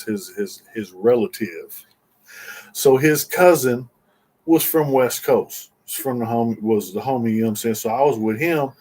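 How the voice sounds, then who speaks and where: An interview guest with a darkish, mid-range voice is telling a story in a casual way. He uses slangy street talk, repeatedly asking "you know what I'm saying" as he rambles, restarts, and repeats words.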